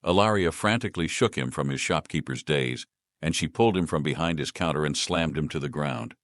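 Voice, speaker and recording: A man with a very low voice narrates a sci-fi story in a steady, scripted way. The recording is dry and close with no room sound. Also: fairly quick, no room sound.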